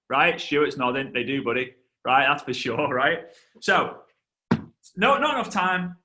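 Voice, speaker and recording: A man in his thirties giving a lively motivational training talk, telling stories with asides and shouts to his audience. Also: on the high side. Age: 30s. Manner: animated storyteller, shouts and laughs, quick asides to the audience. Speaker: guest speaker.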